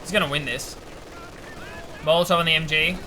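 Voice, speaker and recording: A man co-casting a strategy video game match, giving rapid, enthusiastic analysis. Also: fairly high pitch, steady tone, bright, forceful tone, a little hiss or hum. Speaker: esports co-caster. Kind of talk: game commentary.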